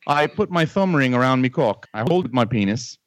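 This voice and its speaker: A man's voice: mid-range voice, normal speed, dry recording, natural voice. A man doing a crude, teasing fake-Australian caller, bouncy and up and down, dry close sound. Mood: cheeky. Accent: put-on Australian. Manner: teasing, crude, deadpan jokes. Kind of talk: prank call-in banter.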